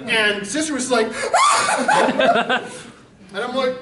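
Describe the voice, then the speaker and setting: A man's voice: very high-pitched, wildly swooping pitch, very slow, heavy background noise. Brash man auctioning in an echoey hall. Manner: brash, mocking, storytelling with laughs. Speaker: charity auctioneer. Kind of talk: crude comedic auction warm-up. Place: convention hall. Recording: echoey hall recorded from far off.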